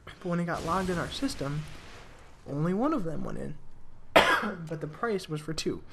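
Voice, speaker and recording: A man's voice: on the high side, sing-song, normal speed, creaky, heavy background noise. A young man telling rambling work stories in casual commentary over a video game, with restarts and the odd swear. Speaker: gaming commentator.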